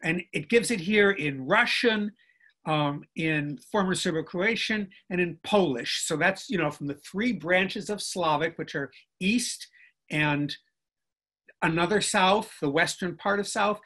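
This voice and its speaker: An older man, a linguistics professor appearing as a guest speaker, lectures over a video call in a high-pitched, fairly bright voice that runs a little slow. He explains things step by step in a professorial way, checking in with his listeners as he goes.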